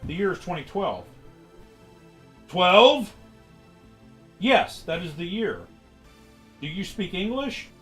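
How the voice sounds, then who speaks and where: A man voicing a patient female doctor who questions a stranger slowly and clearly. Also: sits high, very animated, fairly bright tone, faint music behind, voice pushed up, full character voice. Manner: slow, clear, deliberate questioning.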